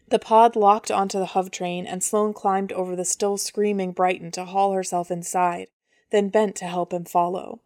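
A woman reading a story as an audiobook narrator, steady and even. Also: mid-range voice, moderate pace, no room sound, studio quality. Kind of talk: scripted narration.

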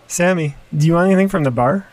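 A woman voicing a relaxed young man on a tropical holiday, a bit lower and louder than her narrating voice. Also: fast, close to an everyday voice. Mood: easygoing. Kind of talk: storybook narration.

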